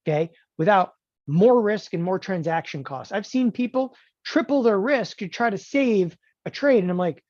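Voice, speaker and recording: A man's voice: high voice, lively intonation, moderate pace, darkish tone, no room sound. Emphatic joking man teaching trading. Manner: emphatic, joking, keeps asking "okay?". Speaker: options trading instructor. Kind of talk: animated trading lecture. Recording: dull lo-fi dry recording.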